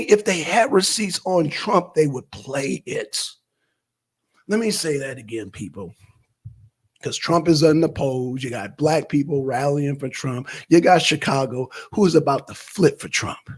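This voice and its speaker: A man hosting a political livestream from home, with a high voice that turns gravelly and husky. He talks bluntly, profanely and with heat, and he often slips into crude language as he speaks. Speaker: livestream host. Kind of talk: political talk stream.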